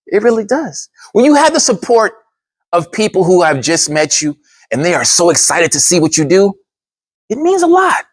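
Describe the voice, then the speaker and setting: A man telling a personal story as a speech, animated and shifting into voices for the people in it. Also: high-pitched, normal speed, slightly rough, no room sound, studio quality.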